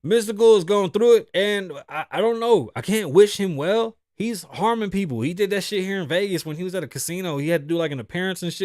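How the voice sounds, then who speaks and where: A man hosting his own show, telling stories in a casual, profane, animated way. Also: a little high, dry recording, clean studio sound. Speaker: podcast host. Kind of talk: casual monologue.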